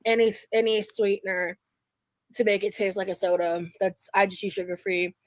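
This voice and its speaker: A woman's voice: medium pitch, level tone, moderate pace, dry recording. A young adult woman streaming live, chatting casually and rambling with restarts and fillers.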